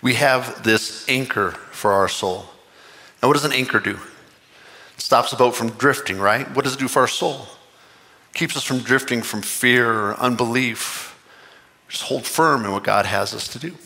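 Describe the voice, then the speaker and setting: A man preaching a sermon, impassioned and earnest, with excited rising bursts. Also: mid-range voice, moderate pace, long reverb tail. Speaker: pastor.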